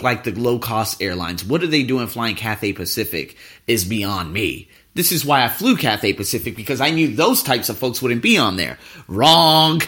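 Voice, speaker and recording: Animated man ranting. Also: medium pitch. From United States. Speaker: podcast host. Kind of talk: casual travel storytelling.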